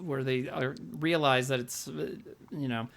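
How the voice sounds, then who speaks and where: A man's voice: mid-range voice, steady tone, measured pace, gravelly, fairly bright tone. A man co-hosting a movie podcast, rambling and swearing in casual chat, dropping into funny quoted voices. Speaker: podcast co-host.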